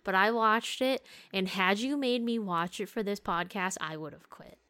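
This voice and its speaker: A woman's voice: medium pitch, moderate pace, sharp tone. Young adult woman, podcast host, loose casual recap, laughs often, swears freely. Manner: candid storytelling with frequent laughs and swearing.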